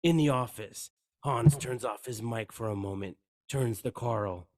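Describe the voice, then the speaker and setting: A man's voice: mid-range voice, measured pace, darkish tone, dry recording, studio quality. A man co-hosting a podcast, reading screenplay action lines aloud and stumbling over words. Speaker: podcast co-host.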